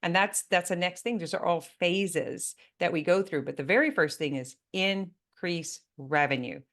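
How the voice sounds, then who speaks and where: Animated woman coaching in interview. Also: on the low side, moderate pace. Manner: animated, emphatic, talks directly to listeners. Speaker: business coach and podcast host.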